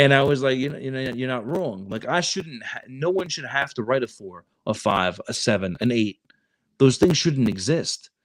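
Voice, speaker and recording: A man's voice: medium pitch, low-quality recording. A man who recruits for the Marines, chatting casually on a podcast and often restarting his sentences. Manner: animated, repeats words and restarts often. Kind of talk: casual chat.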